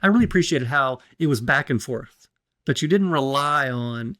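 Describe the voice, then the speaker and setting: A man's voice: medium pitch, animated, fairly quick, a bit bright, dry recording, studio quality. A man hosting an interview, encouraging his guest with frequent affirmations. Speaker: interview host. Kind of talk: conversational interview.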